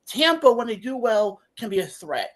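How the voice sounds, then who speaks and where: Brief: woman sports podcaster, sarcastic and emphatic, bright lively voice. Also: fairly high pitch, normal speed. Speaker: podcast co-host. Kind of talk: casual sports talk.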